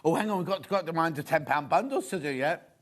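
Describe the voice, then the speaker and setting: Lively, chatty man selling fabric. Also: on the high side, quick pace. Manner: chatty, rambling, gossipy asides. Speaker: shopping channel presenter. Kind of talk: live TV selling chat. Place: TV studio.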